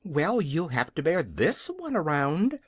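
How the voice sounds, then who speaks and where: Indignant chatty storybook hen, high voice, dry close sound, reader doing the voice. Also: huge pitch swings, measured pace, breathy edge, dry recording, exaggerated voice. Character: indignant proud female hen.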